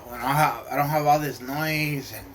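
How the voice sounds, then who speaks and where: Guy telling a street story, lots of cussing and slang, forceful bright voice. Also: medium pitch, fairly even intonation, normal speed, a little hiss or hum. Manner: streetwise, profane, slang-heavy, mixes in Spanish. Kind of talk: casual personal storytelling.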